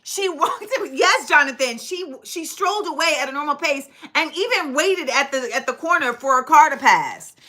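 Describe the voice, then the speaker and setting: A middle-aged woman hosting a livestream, telling stories in an animated, dramatic way and acting out quotes. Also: high-pitched, normal speed, hardly any pauses. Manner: animated, dramatic retelling with acted-out quotes and laughter. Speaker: livestream host. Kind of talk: casual storytelling to a live chat.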